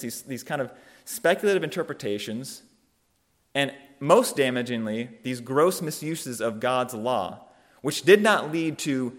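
A man preaching a sermon, thoughtful and measured, often restarting phrases and slowing down for emphasis. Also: medium pitch, fairly bright tone.

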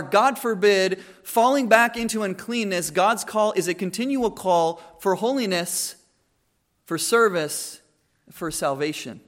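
Young male preacher, high-pitched, conversational sermon delivery with restarts. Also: fairly bright tone. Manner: conversational, with many restarts and acted-out quotes.

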